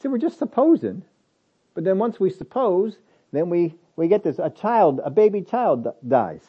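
A man preaching a sermon with a somewhat high voice, hammering home his points before dropping into quiet asides. He keeps asking rhetorical questions. The recording is dull and lo-fi. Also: big pitch swings, moderate pace, husky. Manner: emphatic, swings between loud stresses and low asides; asks many rhetorical questions. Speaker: pastor.

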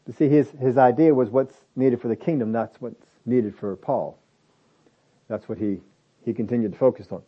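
A man's voice: mid-range voice, moderate pace, breathy edge, highs cut off. A man preaching a sermon in a conversational way, building to emphatic lists.

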